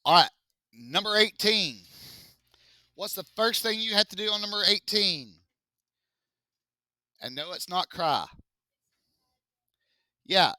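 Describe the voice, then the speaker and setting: A man's voice: high voice, expressive, takes it slowly, long pauses, pushed and bright, dry recording, studio quality. A man teaching a math class, joking with his students as he works through test problems. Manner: casual, joking, talks to students as y'all.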